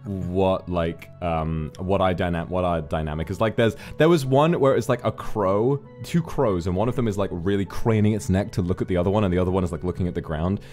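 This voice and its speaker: A man with a deep, low voice hosts a relaxed interview over drinks. He teases his guest in a playful way. Soft music plays faintly underneath. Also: fairly quick, few pauses. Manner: playful, teasing. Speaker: host.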